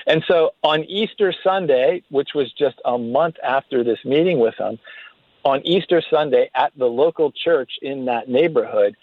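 A man's voice: medium pitch, moderate pace, dry recording. A man, a guest on a radio interview, telling stories earnestly and often restarting his sentences. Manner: earnest, faith-filled storytelling with frequent restarts. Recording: tinny phone-line sound.

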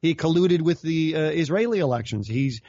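A man's voice: a little high, animated, fairly quick, dark tone, dry recording, lo-fi sound. A man chatting casually as a guest on a political radio talk show, joking and laughing often as he acts out quoted voices. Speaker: guest commentator.

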